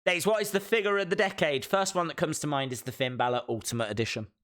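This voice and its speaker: Man, live reaction streamer, chatty, excitable, raised pitch. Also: fast. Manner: chatty, excitable, reads out viewer comments. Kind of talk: live watch-along reaction commentary.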